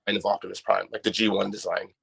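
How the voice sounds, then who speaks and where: A man's voice: lowish voice, level tone, very fast, creaky, a bit bright, husky. A man from Canada, a guest chatting on a podcast about his toy collection in a loose, enthusiastic way. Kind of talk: casual podcast chat.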